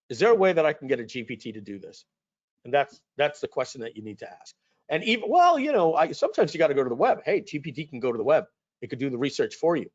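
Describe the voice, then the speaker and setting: A man talks shop on a video call, his voice riding high and swinging all over the place. He jumps into little acted-out quotes as he explains. The audio comes through dull and lo-fi. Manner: animated, acts out quotes. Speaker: guest expert. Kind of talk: casual webinar talk.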